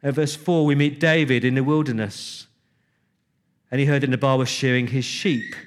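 A man's voice: mid-range voice, steady tone, normal speed, slight background noise. A man preaching a sermon, retelling scripture conversationally with emphatic repetition.

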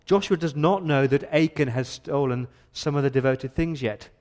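A male pastor preaches an earnest, emphatic sermon in a church with a mid-range, slightly mellow voice at a moderate pace. He often repeats words as he builds toward his point.

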